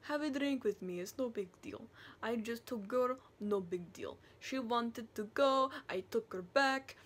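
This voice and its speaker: A woman's voice: on the high side, unhurried, husky. A woman putting on a coaxing Russian-accented criminal man. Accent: put-on Russian. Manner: coaxing, offhand, clipped grammar.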